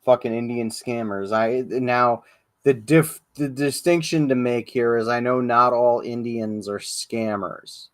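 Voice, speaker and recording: A man's voice: mid-range voice, fairly even intonation, unhurried. A man hosting a casual livestream, rambling and swearing with lots of fillers and restarts. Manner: rambling, profane, many fillers. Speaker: podcast host.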